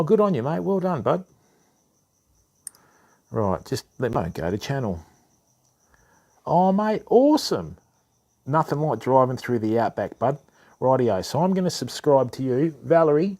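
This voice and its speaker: This Australian man's mid-range voice has a darkish tone as he hosts his fishing channel. Chatting casually with viewers on a live stream, he says um a lot and addresses everyone as mate or bud.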